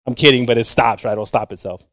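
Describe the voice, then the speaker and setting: A man's voice: medium pitch, fairly even intonation, fast, a bit bright, dry recording. Guy preaching a sermon, loose and chatty, laughs a bit, dry sound. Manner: casual, rambling preaching with chuckles and restarts. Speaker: pastor.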